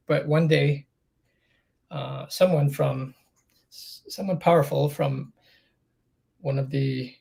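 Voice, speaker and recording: A man's voice: a little high, gravelly, slightly rough. A middle-aged man as a podcast guest, telling his own story candidly and acting out the dialogue with rising intensity. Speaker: interview guest.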